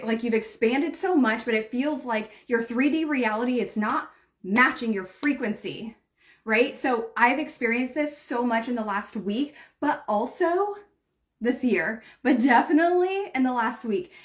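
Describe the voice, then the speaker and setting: A woman's voice: a little high, unhurried. A woman giving a heartfelt motivational livestream talk as a spiritual coach. She speaks directly to her viewers and often says "like" and "right?". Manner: earnest, heartfelt, leans heavily on "like" and "right?".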